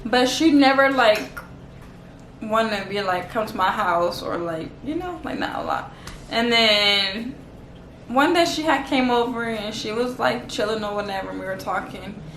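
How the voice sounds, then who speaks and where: Woman from LA for a loose, chatty vlog story; light high voice, roomy echo. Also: animated, measured pace, fairly bright tone, a little hiss or hum. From Los Angeles. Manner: chatty, slangy, heavy use of "like". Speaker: vlogger. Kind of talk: casual storytime. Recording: echoey room.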